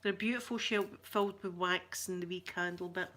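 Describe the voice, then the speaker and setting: A middle-aged woman with a Scottish accent, chatting to a livestream audience in a rambling, giggly storytelling way with soft asides. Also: on the low side, fairly even intonation, moderate pace. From Scotland. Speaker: ASMR channel host.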